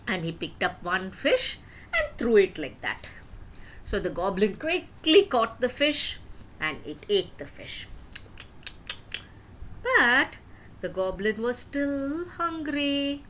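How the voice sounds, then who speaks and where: An older woman telling a tale to children in a slow, unhurried way, her pitch rising and falling with lively swings. Her voice is bright and clear, and she keeps turning to her listeners with questions. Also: a little hiss or hum, low-quality recording. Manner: asks the young listeners questions. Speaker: storyteller. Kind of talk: storytelling for children.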